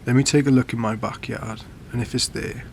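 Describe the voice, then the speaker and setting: A man's voice: medium pitch, steady tone, brisk, vocal fry, a little hiss or hum, close to an everyday voice. A man playing a wary, suspicious homeowner. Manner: firm, suspicious, stalling. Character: wary adult man facing strangers at night.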